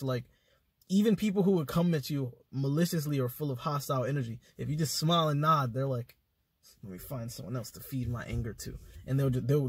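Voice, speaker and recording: A man speaking as a podcast guest, telling stories in an animated, slangy way with swearing. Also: a little high, breathy edge, no echo. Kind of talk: casual conversation.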